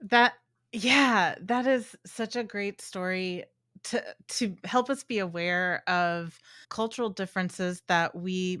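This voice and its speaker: A woman host, sharp and bright, talks through a thought in a relaxed way and often restarts her words. Her voice is set low for a woman and sounds dry and close. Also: clean tone, dry recording. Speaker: podcast host. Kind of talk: casual chat.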